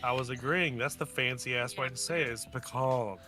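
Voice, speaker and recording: Bright, rambling male chatter. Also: medium pitch, fairly quick, faint music behind. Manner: joking, rambling. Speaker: guest in a group chat. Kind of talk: casual group chat.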